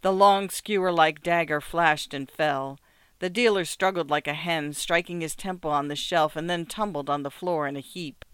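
A narrator reading classic fiction aloud in a measured, even storytelling manner. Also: mid-range voice, clean tone, no room sound.

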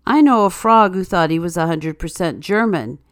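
Reading news, quotes and a series of jokes aloud, a female host keeps her delivery dry and wry. She has a fairly low voice with lively intonation and a moderate pace, recorded without echo.

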